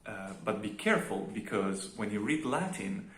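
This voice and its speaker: A man's voice: fairly low pitch, expressive, moderate pace, slightly rough. A man teaching a recorded lecture on pronunciation, explaining carefully with fillers and restarts. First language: Italian. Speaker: Latin teacher.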